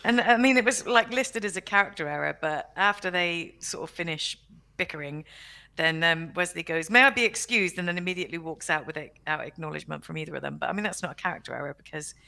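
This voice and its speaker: A woman from England co-hosting a casual review show, animated and quick to laugh. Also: lowish voice, vocal fry. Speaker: podcast co-host.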